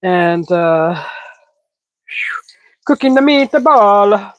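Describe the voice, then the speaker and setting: A woman chats her way through a home cooking livestream, improvising as she goes and jumping up into excited greetings. Her breathing is a bit heavy and audible. The sound is dry and close. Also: very slow, no echo, lo-fi sound. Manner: chatty, improvising, bursts into excited high squeals greeting chat. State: breathing heavily. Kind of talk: casual cooking livestream chat.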